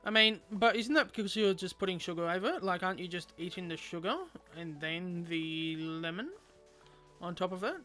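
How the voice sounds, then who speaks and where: High bright-voiced rambling male streamer. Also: moderate pace, soft background music. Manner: rambling, musing aloud with many fillers. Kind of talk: casual gameplay commentary, chatting with viewers.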